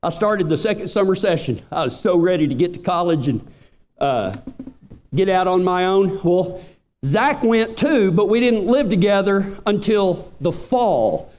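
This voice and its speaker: A man's voice: high voice, moderate pace. A man, preaching a storytelling sermon and acting out friends' lines in voices. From Texas. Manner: animated, acts out quoted friends in voices. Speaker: pastor.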